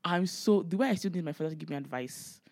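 A woman's voice: on the low side, fast talker, no echo, studio quality. A woman in her twenties from Nigeria, co-hosting a casual podcast and telling stories with lots of acted-out quotes. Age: 20s. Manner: chatty storyteller, acts out quotes loudly, laughs often. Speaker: podcast co-host. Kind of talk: casual chat.

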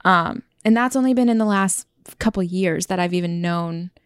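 A woman's voice: fairly low pitch, normal speed, smooth, dry recording, clean studio sound. A woman in a casual couples chat, talking freely with lots of "like.". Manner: chatty, frequent "like" fillers.

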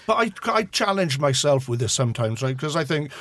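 A man's voice: mid-range voice, very animated, a little fast, a bit bright, no echo. A man with a Swansea Welsh accent, a chatty, frank guest in casual conversation. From Wales. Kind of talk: casual chat.

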